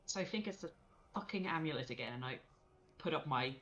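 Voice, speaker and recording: A woman's voice: sits low, lively intonation, brisk, fairly bright tone, highs cut off, slight background noise. A woman playing a tabletop role-playing game, talking casually and thinking aloud with frequent laughs. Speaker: player.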